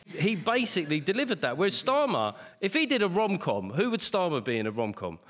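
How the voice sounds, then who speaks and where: A man's voice: sits high, very animated, a little fast, a bit bright. A man on a comedy panel, riffing jokily on the news and mimicking politicians. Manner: jokey, mimics politicians with mock-grand voices. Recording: noisy recording with long hall reverb.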